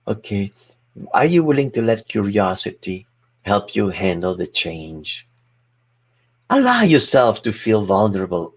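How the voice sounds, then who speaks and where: A man's voice: lowish voice, creaky, husky. A man giving a motivational keynote over a video call, emphatic and humorous, speaking straight to his audience.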